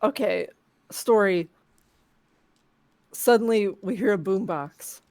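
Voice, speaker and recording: A woman co-hosting a text adventure stream, chatting casually with playful deadpan jokes and reading story lines aloud. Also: mid-range voice, takes it slowly, no echo. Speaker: co-host playing a text adventure game.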